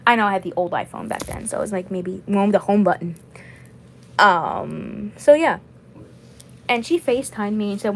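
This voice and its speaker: A woman's voice: medium pitch, a little fast, rough recording. A woman in her twenties chatting casually on a livestream, rambling and repeating herself. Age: 20s. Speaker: vlogger.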